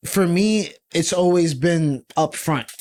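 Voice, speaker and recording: A man co-hosting a podcast, a little tipsy from drinking. He chats casually in a fairly high voice, often halting and restarting his words. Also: a little mellow. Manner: halting, restarts words, says he is slurring from liquor. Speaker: podcast co-host. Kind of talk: casual chat.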